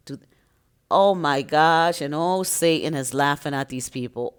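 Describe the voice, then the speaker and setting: A woman's voice: low voice, measured pace, clear, resonant tone. Emphatic woman preaching about faith. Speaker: spiritual content creator. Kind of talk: impassioned spiritual monologue.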